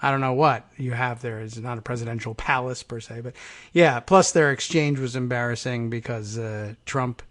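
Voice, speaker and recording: A man's voice: mid-range voice, normal speed, a bit bright. Agreeable man hosting a political talk show. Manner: agreeable, chuckling, slips into quoted voices. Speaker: radio talk show host. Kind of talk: casual political chat.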